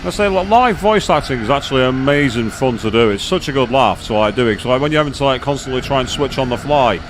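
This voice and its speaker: A man's voice: medium pitch, expressive, quick pace, background noise. A man chatting casually and rambling as he streams a racing game live. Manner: rambling, chatty, self-deprecating. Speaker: gaming streamer. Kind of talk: live gameplay commentary and chat.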